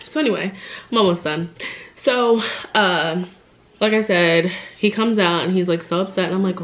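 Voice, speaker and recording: A woman's voice: fairly low pitch, normal speed, low-quality recording. A woman vlogging at home, telling a long story in casual chat while eating, laughing often and acting out what others said. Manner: chatty, animated, laughs often, acts out quoted voices. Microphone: camera mic.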